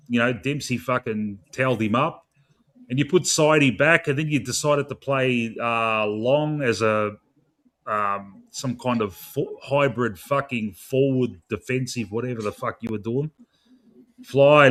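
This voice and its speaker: A man's voice: mid-range voice, measured pace, fairly bright tone. A young Australian man previewing a football match, swearing constantly and pleading with the coach in an exasperated rant. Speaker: football fan podcaster.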